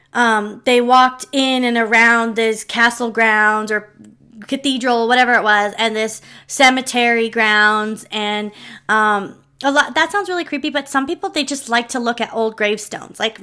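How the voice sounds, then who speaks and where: A woman shares a personal story straight to camera in a loose, rambling vlog. Her voice sits a little high and sounds very bright and forward. She wanders into asides and fillers and lets her feelings show. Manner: chatty and rambling, many asides and fillers, emotional. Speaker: storyteller and channel host.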